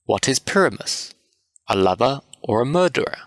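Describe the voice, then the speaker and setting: A man's voice: medium pitch, sing-song, normal speed, no room sound, close to an everyday voice. A man doing a boastful weaver show-off. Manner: pompous, showing off. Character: boastful eager male weaver actor.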